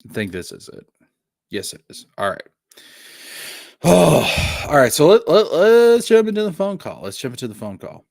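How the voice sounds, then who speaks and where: A man's voice: on the high side, sing-song, moderate pace, gravelly, pauses often, darkish tone, no echo, studio quality. A man giving casual live commentary on clips, exasperated and profane, often stumbling and restarting his words.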